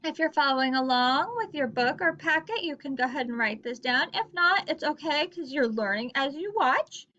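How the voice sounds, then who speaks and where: A woman teacher reading a vocabulary lesson aloud to young pupils, speaking slowly and clearly and encouraging them to clap and read along. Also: sits high, animated, pushed and bright, highs cut off. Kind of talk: recorded reading lesson for children.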